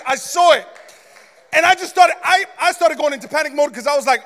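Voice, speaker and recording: Animated preacher in a reverberant hall. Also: male voice, very high voice, fast. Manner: animated, shouting and gasping for comic effect. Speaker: pastor. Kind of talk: sermon with storytelling. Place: church sanctuary.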